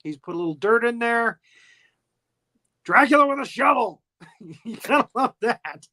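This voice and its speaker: A man's voice: very high voice, lively intonation, moderate pace, pauses often, bright, forceful tone. A man hosting a podcast, recapping an old film in a chatty, playful way with frequent giggles. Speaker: podcast host.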